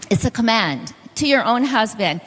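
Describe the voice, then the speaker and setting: A middle-aged woman delivers a sermon with a slightly high voice, carried by the long reverb of a large hall. She tells personal stories and turns to the congregation with questions and instructions. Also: fairly bright tone. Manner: storytelling, directly addressing the audience. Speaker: preacher.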